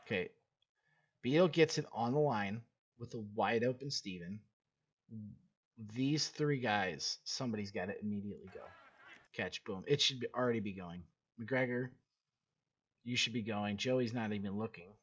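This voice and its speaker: Blunt low-voiced coach breaking down film. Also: male voice, moderate pace, pauses often, slightly rough. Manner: blunt, swears casually, repeats himself. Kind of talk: casual game film breakdown. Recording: dull lo-fi recording.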